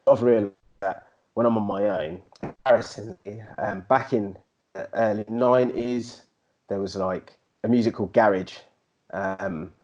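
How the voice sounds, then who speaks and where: A man chats casually as a podcast co-host, lower-pitched than most. He tells animated, slangy stories. The recording sounds dull and lo-fi. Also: unhurried. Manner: animated storyteller, slangy, slips into put-on MC voices. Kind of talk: casual chat.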